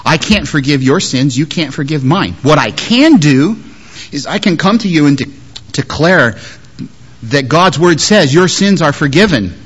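A man preaching a sermon as a pastor, moving between strong emphasis and quiet, softly spoken quotes. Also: a little high, unhurried, breathy edge. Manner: lively, shifts between loud emphasis and soft quoted words.

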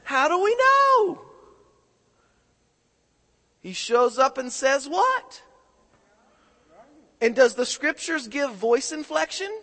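Preaching a sermon in an echoing hall, a man keeps posing questions to his congregation and calling for their replies. His voice is extremely high, bright, and forceful, with a sing-song lilt, a slow pace, and frequent pauses.

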